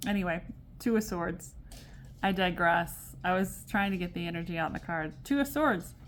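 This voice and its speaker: A woman's voice: lowish voice, moderate pace, a little hiss or hum. A woman giving a casual tarot reading to camera, chatty and digressive, exasperated yet amused. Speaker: tarot reader.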